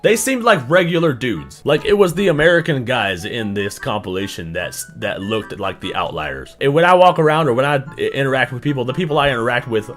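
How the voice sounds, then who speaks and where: A man reacting to clips as a streamer, talking crudely and mockingly, his voice swinging between loud outbursts and mutters. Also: mid-range voice, lively intonation, a little fast, few pauses, soft background music. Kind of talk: casual reaction commentary.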